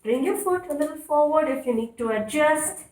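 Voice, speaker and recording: A woman leading a children's yoga class in a playful, encouraging way, giving clear step-by-step instructions. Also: high voice, animated, normal speed, a little mellow. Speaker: kids' yoga teacher. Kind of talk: guided kids' yoga instruction. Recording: echoey room, voice from a distance.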